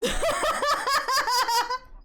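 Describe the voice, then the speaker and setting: High-voiced woman chatting while drawing. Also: steady tone, drawn-out words. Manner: swears often and laughs a lot; calls herself loud. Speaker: streamer. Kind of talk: casual chat while drawing live.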